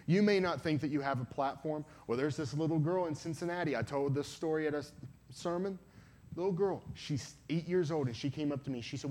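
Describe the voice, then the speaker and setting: A man's voice: medium pitch, brisk, darkish tone. A man giving an earnest sermon to a youth event, retelling a story with many quoted lines and pleading with listeners. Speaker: evangelist, guest speaker.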